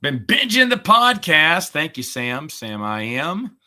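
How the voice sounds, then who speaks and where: A middle-aged man in casual chat, a podcast host who talks in a sarcastic, chatty way and gets animated when retelling a story. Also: fairly high pitch, slow.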